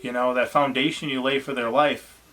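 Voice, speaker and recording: A man's voice: medium pitch, fairly even intonation, normal speed, bright, forceful tone, slight background noise. A man, a family vlogger chatting casually and encouragingly about his children. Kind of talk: casual chat.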